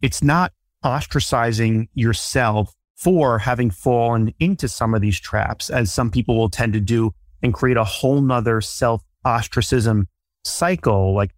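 A man hosting a podcast interview, talking in a reflective, measured way and openly about himself. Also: mid-range voice, no room sound, studio quality. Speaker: podcast host.

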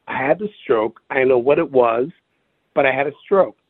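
A man recalling his experience in an interview, speaking haltingly, searching for words and repeating himself. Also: mid-range voice, dry recording. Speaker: interview guest. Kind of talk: personal recollection over the phone. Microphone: telephone. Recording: tinny phone line.

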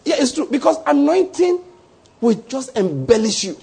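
A middle-aged Nigerian man preaching a sermon, animated, stretching key words for emphasis and chuckling between points. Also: high voice, normal speed, gravelly, husky. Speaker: pastor.

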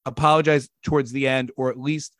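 A man talking in a casual interview, emphatic and animated and quick to jump in. His voice sits at an average pitch. The sound is dry and close, with no room echo. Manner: animated, talks over others, emphatic.

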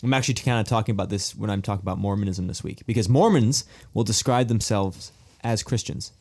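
A man's voice: fairly low pitch, fast, darkish tone. A man speaking casually in a church panel discussion, often chiming in with short agreement. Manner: agreeable, frequent short affirmations.

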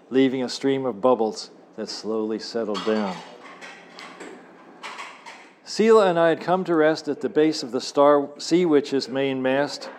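A man reading his own adventure novel to a live audience in a cafe, expressive and wry, adding asides. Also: a little high, slight background noise. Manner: wry, expressive storyteller who adds asides.

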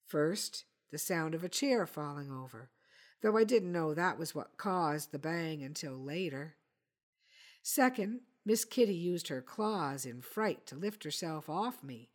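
A woman narrating a story in a measured, even audiobook style. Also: lowish voice.

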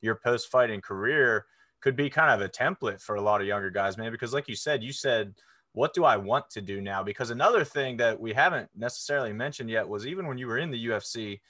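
A male podcast host talks in a laid-back, encouraging way, with a mid-range pitch. His voice sounds dry and close, with no room echo. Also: fast, sharp tone. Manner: laid-back, encouraging, uses "man" and "dude". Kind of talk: casual chat.

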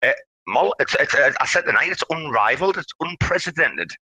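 A man's voice: on the high side, a little fast, breathy edge, no room sound, poor audio. Hyped-up man hosting an audio room. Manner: animated, rambling, hypes up the community. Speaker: host. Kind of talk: casual chat in a live audio room.

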